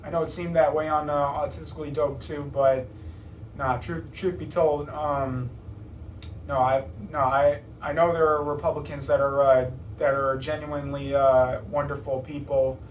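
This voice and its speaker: Casting: young American man, loose rambling interview talk, slightly high voice, roomy room, set back from the mic. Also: level tone, normal speed, distant mic, a little hiss or hum. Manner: rambling, many fillers and restarts.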